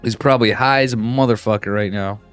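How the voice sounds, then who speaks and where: A man's voice: lowish voice, fairly even intonation, quick pace, smooth, faint music behind. A man streaming live game commentary, talking in a loose, profane, hyped-up way to his chat between plays. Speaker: esports caster.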